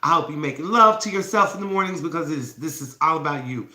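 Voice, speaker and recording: A woman's voice: low-pitched, quick pace, sharp tone. A woman hosting a casual morning livestream on her phone, playful and affectionate, calling her viewers babies. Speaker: self-love challenge host. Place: indoor room with candles. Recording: echoey room with faint background noise.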